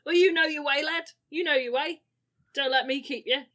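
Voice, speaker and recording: Woman doing a streetwise crow bloke, chummy, calls everyone lad, bright tone, high voice. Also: normal speed. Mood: brusque. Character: streetwise Cockney male crow, gruff but friendly.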